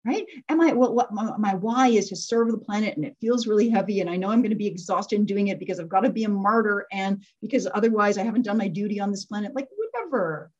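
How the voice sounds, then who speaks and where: A middle-aged woman giving a motivational talk to a group, chatty and animated, laughing often as she tells stories. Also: medium pitch, fast, few pauses. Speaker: speaker teaching a group. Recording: dull lo-fi recording.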